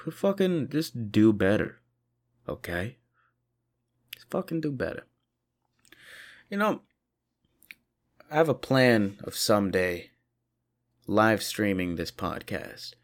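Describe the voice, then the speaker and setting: Young man, solo podcast host, low voice, rambling profane rants with loud outbursts. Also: animated, slow pace, pauses often. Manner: profane, rambling, jumps into loud mock-indignant bursts. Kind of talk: solo comedic rant.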